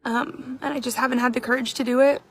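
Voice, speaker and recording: A tearful woman teacher speaks haltingly with emotion. Her voice is slightly high with a gravelly fry in it. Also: steady tone, a bit bright, slight background noise. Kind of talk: emotional personal video.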